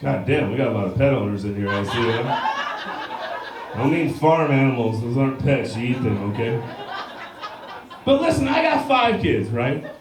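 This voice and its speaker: A male comedian in his thirties doing a crude stand-up set on a bar stage in front of a live crowd, often shouting his punchlines. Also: mid-range voice, very animated, moderate pace, pauses often, background noise. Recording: distant mic with heavy bar room echo.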